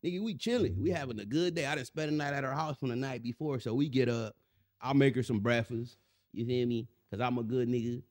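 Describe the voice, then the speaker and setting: A man's voice: medium pitch, fast. A man telling a story in casual chat, slangy, repeating his catchphrases. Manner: animated, slangy, repeats "my nigga" and "you feel me". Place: Los Angeles.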